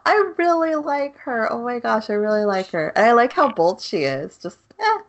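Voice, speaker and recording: A woman's voice: a little high, expressive, moderate pace, dull audio. Chatty woman retelling a show. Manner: chatty storyteller, laughs often, retells scenes with quoted voices. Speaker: podcast co-host. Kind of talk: casual chat recapping a show.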